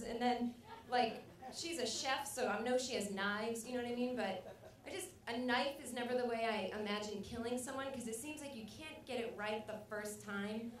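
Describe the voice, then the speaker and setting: A woman stand-up comedian performs a rambling, self-mocking set on a comedy club stage, breaking into loud acted outbursts. Her voice is fairly high and her pace moderate. The club recording is echoey and captured from a distance.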